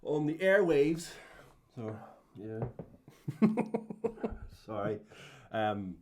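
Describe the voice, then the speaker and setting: A man's voice: medium pitch, big pitch swings, drawn-out words, a little mellow, slight background noise. A man co-hosting a podcast, telling rambling anecdotes and swearing freely in casual chat. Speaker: podcast co-host.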